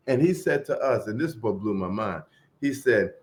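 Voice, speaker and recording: A middle-aged man telling a long story as a podcast guest in a relaxed, casual way, trailing off into fillers and acting out the voices of the people in it. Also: mid-range voice, normal speed. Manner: laid-back, acts out quoted voices, trails off into fillers.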